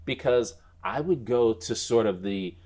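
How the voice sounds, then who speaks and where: A man in his fifties, an interview guest, telling his stories in a thoughtful conversational way, with frequent restarts and bursts of speed when he gets animated. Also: medium pitch, measured pace. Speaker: interview guest, former basketball player. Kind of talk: reflective conversational storytelling.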